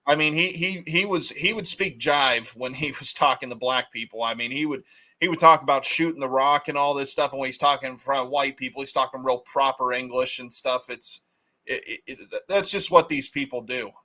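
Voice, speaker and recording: A man's voice: mid-range voice, fairly quick, sharp tone. A man hosting a casual political livestream, talking bluntly and arguing his opinions. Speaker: livestream host.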